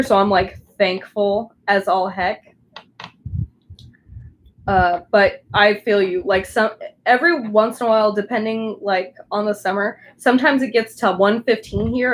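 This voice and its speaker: A woman's voice: mid-range voice, measured pace, a little hiss or hum, rough recording. Chatty young woman with a Southern Californian accent. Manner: chatty, rambling, many likes and restarts. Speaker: crafting livestreamer. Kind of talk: casual live chat while crafting.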